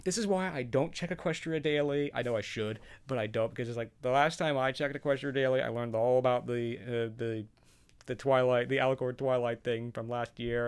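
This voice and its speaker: A show reaction vlogger with a smooth, medium-pitched voice and some vocal fry talks casually about a cartoon episode. His commentary rambles and hesitates, punctuated by frequent chuckles.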